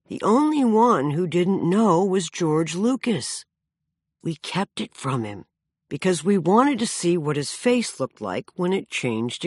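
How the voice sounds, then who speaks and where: A woman's voice: lowish voice, no room sound. A woman around sixty narrating her own memoir with dry, self-mocking humor.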